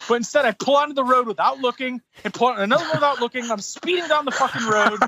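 A man's voice: extremely high pitch, quick pace, slightly rough. Profane man ranting through a story. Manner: profane, heated, animated retelling. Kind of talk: casual storytelling rant.

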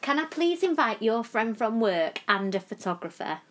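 A woman's voice: fairly high pitch, big pitch swings, moderate pace, a bit bright. A woman, co-hosting a podcast in playful, giggly casual chat. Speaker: podcast co-host. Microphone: podcast mic with headphones.

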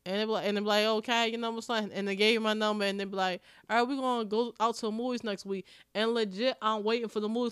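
Talking fast with few pauses, a young woman from Maryland co-hosts a podcast in casual, blunt conversation, spinning stories and cursing freely. Her medium-pitched voice has fairly even intonation and a clean tone. It's recorded dry, at studio quality.

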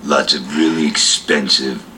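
An actor playing a gruff man who takes on a vampire-hunting job, speaking in a gravelly, drawn-out way in a film clip. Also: rumbling low, steady tone, sharp tone, slight background noise, full character voice. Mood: demanding. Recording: film clip from far off, faint ambience.

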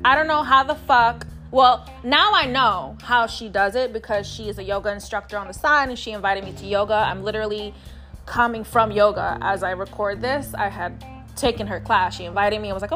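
A New York City woman hosts a podcast, telling a personal story in a casual monologue at a moderate pace. Her mid-range voice is a bit bright over soft background music, and she's candid, profane, and emphatic, calling listeners "y'all."

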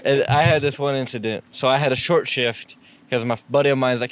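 A man's voice: mid-range voice, fairly even intonation, quick pace, clean tone. A young man from the Middle East, hosting a casual chat and telling a story with lots of laughter, acting out both sides of the conversations. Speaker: podcast host telling a story.

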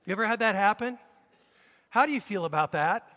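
A man preaching a sermon, telling an everyday story and then building to loud, emphatic declarations before a congregation. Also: high voice, animated, fairly quick. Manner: storytelling, rising to forceful emphatic shouts. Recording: long reverb of a large hall.

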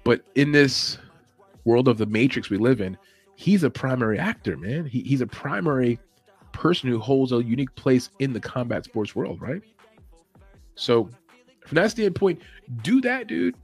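A podcast host with a husky, expressive mid-range voice rambles through a casual opinion chat at normal speed, chuckling as he shares strong views. There's no room sound, just faint music in the background.

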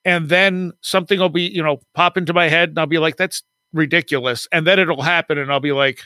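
A man's voice: a little high, steady tone, fast, pushed and bright, no echo. A man guest on an interview podcast, telling stories casually, acting out quoted dialogue and laughing often. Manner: chatty, acts out quoted dialogue, frequent laughs. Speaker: podcast guest, author and paranormal researcher.

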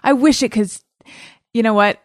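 A woman's voice: a little high, moderate pace, dry recording, studio quality. A woman hosting a podcast from her home, chatting enthusiastically and laughing easily. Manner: giggly, enthusiastic. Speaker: podcast host. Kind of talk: casual chat.

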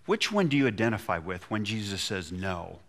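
A man's voice: on the low side, very animated, fairly quick, fairly bright tone. A man preaching a sermon, retelling a scripture story and acting out the quotes with feeling. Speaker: pastor.

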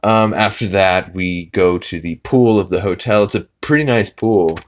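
A man with a deep, low voice hosts a casual podcast and recaps an episode in a rambling way. He fills his talk with "uh"s and restarts, and drops swear words freely. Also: normal speed. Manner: rambling with many fillers and swearing. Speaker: podcast host.

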